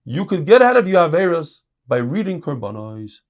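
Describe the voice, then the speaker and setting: A middle-aged man, a rabbi teaching a Talmud lesson, reading Hebrew and Aramaic passages and explaining them in English with lively emphasis. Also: normal speed. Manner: animated, jumps in pitch and volume for emphasis.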